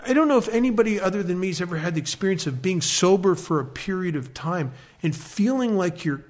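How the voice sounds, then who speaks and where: American man, fairly high voice, wry and self-mocking; telling his recovery story to a meeting. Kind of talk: personal recovery talk.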